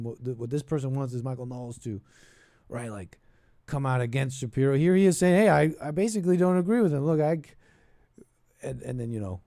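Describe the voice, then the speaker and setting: A man's voice: mid-range voice, warm tone, dry recording. A man hosting a call-in show, giving casual political commentary in a rambling way, restarting his sentences and trailing off into asides.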